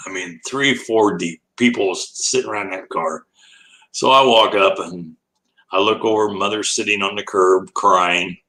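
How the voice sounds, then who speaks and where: A man's voice: on the low side, measured pace, bright, forceful tone, low-quality recording. An older man, an animal educator, telling a long anecdote as an interview guest, laughing often and acting out the voices in his story.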